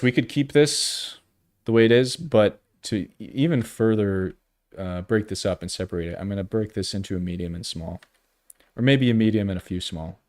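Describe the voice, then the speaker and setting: A man in his thirties thinking aloud while drawing on a live stream, halting and unsure, trailing off often, with dry self-mocking humor. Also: on the low side, a little mellow, dry recording. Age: 30s. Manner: wry self-deprecating humor.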